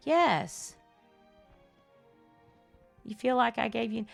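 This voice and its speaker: A woman's voice: fairly high pitch, sing-song, measured pace, gravelly, long pauses, no room sound, faint music behind. An older woman, chatting effusively and laughing often as she streams a game live and thanks her viewers. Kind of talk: live-stream chat while playing.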